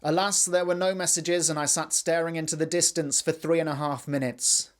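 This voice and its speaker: A man's voice: a little high, steady tone, brisk. A man delivering scripted comedy esports commentary with mock hype and absurd asides. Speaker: comic esports caster.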